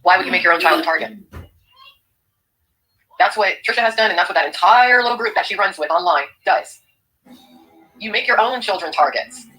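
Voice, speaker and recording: A woman's voice: medium pitch, animated, fairly quick, pauses often, sharp tone, low-quality recording. A woman giving indignant reaction commentary on a stream clip, lecturing the viewers.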